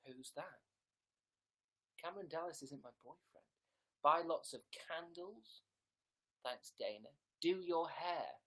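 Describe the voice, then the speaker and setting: A man's voice: on the high side, animated, slow pace, pauses often, bright, forceful tone. A young man hosting a casual livestream from a room at home, joking and rambling, reading comments and dropping into whispered asides. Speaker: livestream host. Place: room in a house.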